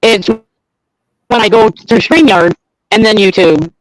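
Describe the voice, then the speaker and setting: A woman joining a casual livestream over a video call, relaxed and quick with short reactions. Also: mid-range voice, background noise.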